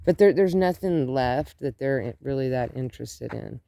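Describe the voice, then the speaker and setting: A woman's voice: rumbling low, expressive, moderate pace, creaky, warm tone, no echo. A middle-aged woman chatting casually in her garden as she films, rambling with lots of "like". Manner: rambling, says "like" often. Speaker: gardening vlogger. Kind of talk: casual vlog chat. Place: outdoor garden.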